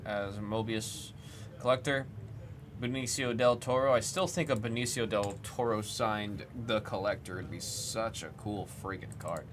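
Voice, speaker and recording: A man's voice: fairly low pitch, a little slow, background noise. A man hosting a trading card break livestream, chatting casually and reading off lists as he works his computer. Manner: chatty, reads off lists while working the computer.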